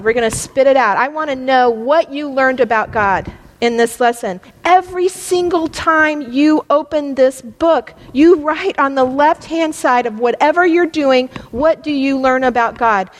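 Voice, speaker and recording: Middle-aged woman, high voice, fervent Bible teacher; long hall reverb. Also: measured pace. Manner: impassioned, rising to near-yelling at peaks. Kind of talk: preaching a Bible lesson.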